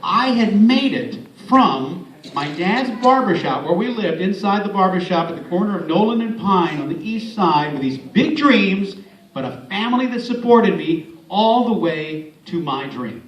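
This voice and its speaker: A high-pitched man from San Antonio tells stories at an event, with playful asides to the kids in the crowd. He is recorded from a distance in a roomy hall with faint ambience. His talk moves easily between memories and encouragement. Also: animated, unhurried, dull audio, a little hiss or hum. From San Antonio, Texas. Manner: warm storytelling with playful asides. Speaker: speaker, former radio host and voice actor. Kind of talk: motivational speech.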